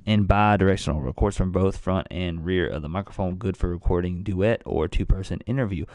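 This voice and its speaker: A man's voice: low-pitched, a little fast, a little mellow. A young man chatting casually on a late-night game stream, thinking aloud and fumbling through the instructions for his new close mic. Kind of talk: casual live-stream chat. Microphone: new desktop condenser mic, close.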